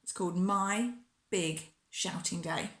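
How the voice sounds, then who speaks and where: A woman reading a children's picture book aloud in a warm, expressive storyteller manner. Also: on the low side, slow pace, reverberant.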